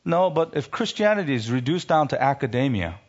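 A man preaching a sermon, reading scripture and rising sharply in pitch when he rebukes, then dropping low for emphasis. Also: big pitch swings, a little fast, highs cut off.

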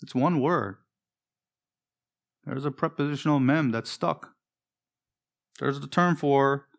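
A male pastor delivering a sermon with earnest conviction. He slows down and stretches important phrases for weight and keeps turning to his listeners with pointed questions. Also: medium pitch, vocal fry. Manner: earnest, preacherly, with drawn-out emphatic phrases; asks the congregation direct questions.

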